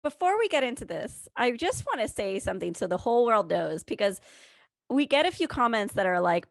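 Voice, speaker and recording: Woman, podcast co-host, gravelly voice, dry close sound, casual playful chat. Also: a little high, sing-song, brisk, no room sound.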